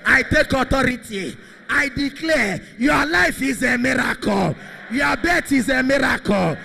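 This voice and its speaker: Man, priest, very high voice, bright and sharp, gravelly, long hall reverb. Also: lively intonation, unhurried. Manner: repetitive, chanting declarations. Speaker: Catholic priest. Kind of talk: shouted prayer declarations.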